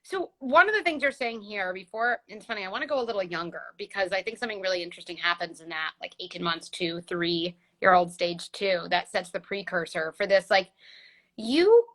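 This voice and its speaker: Woman, host, bright clear tone, animated explaining, video call. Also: medium pitch, fairly quick. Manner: animated, explains with vivid examples. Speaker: host, parenting psychologist. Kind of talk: casual conversational interview. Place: home, recorded livestream.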